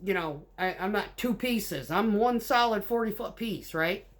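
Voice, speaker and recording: A woman's voice: mid-range voice, lively intonation, measured pace. A woman, a concrete mixer truck driver, telling work stories in a blunt, casual way full of swearing. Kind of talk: casual storytelling.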